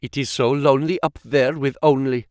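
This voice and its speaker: A man's voice: mid-range voice, fairly even intonation, normal speed, a little mellow, dry recording, clean studio sound, close to an everyday voice. A man voicing a distraught young Greek woman with a Greek accent and broken, urgent English. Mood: pleading.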